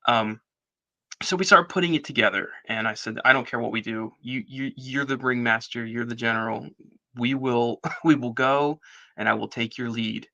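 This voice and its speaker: Animated man telling a story. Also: medium pitch, normal speed, gravelly, muffled recording. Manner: animated storyteller, acts out quoted dialogue. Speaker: guest. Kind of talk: casual storytelling interview.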